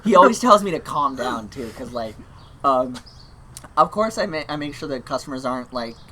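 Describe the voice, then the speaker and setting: A man's voice: medium pitch, moderate pace, slight background noise. A young man co-hosting a casual podcast, telling a work story with lots of acted-out quotes and laughter. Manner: animated storyteller, acts out quotes, laughs often. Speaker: podcast co-host.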